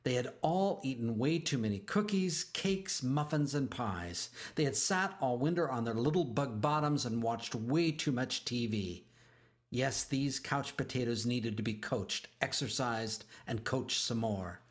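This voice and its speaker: A man reads a children's storybook aloud at a middling pitch. He is expressive and drags out key phrases for emphasis. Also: measured pace. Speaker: narrator.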